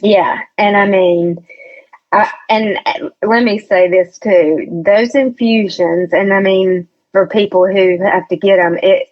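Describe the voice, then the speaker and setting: A woman guest tells a personal story in an easygoing, unhurried way. She speaks at a middling pitch and acts out the voices of the people in her story. The audio is a little muffled and lo-fi. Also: fairly even intonation. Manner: chatty storyteller who acts out quoted voices, laughs often. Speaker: podcast guest. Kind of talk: casual storytelling interview.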